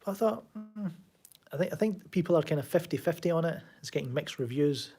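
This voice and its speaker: A man's voice: a little high, lively intonation, fast talker, a little mellow, breathy edge. A man with a Glaswegian Scottish accent chatting casually and sardonically on a live stream from his home, answering chat. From Scotland. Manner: rambling, sardonic, reads chat aloud. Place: home room.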